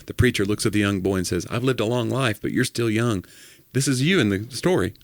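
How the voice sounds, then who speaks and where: A man co-hosting a podcast in casual comedic chat, telling jokes with animated delivery and acting out the voices in the quotes. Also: fairly low pitch, fairly quick, no echo, studio quality. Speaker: podcast co-host.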